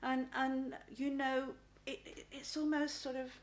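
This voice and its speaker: During a live spirit reading, a middle-aged psychic medium talks in a high-pitched, level tone. She speaks haltingly, repeating words and often asking "please?".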